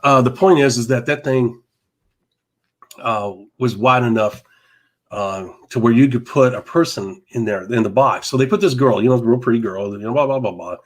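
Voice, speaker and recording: A man co-hosting a casual live talk show, telling a long story in an animated way, laughing often and repeating himself. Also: mid-range voice, normal speed. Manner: animated, laughing, repeats words, mild cursing. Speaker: podcast co-host.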